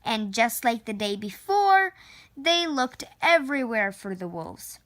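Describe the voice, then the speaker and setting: Slow, bright-voiced woman reading a picture book. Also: a little high. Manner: slow, clear, expressive read-aloud. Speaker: storyteller. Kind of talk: reading a children's book aloud.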